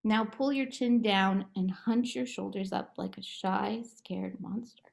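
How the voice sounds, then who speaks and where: A young adult woman speaks at an unhurried pace, gentle and coaxing, as if leading children through a relaxation game. Her pitch sits in a middle range. She sounds like a therapist explaining her work. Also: steady tone, creaky. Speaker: play therapist. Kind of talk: guided relaxation script for children.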